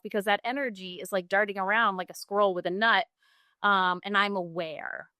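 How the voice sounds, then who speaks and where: A middle-aged woman, a yoga teacher and bodyworker, guesting on a podcast and telling stories in an animated way. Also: mid-range voice, moderate pace, clean tone, dry recording, studio quality. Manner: animated storytelling, acts out quoted clients. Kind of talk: casual conversational interview.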